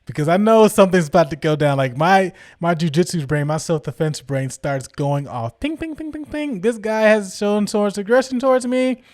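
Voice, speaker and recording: A young man tells a story on his podcast with lots of energy, slipping into the voices of the people he quotes. His voice sits a little high for a man, and the sound is close and dry with no room around it. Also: moderate pace, few pauses, dry recording. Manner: animated, acts out quoted people, slangy. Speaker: podcast host. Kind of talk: casual storytelling.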